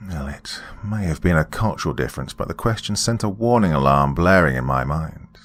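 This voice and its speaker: A man narrating a first-person horror story in a measured voice that drops to a hush at tense moments. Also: sits low, lively intonation, no room sound.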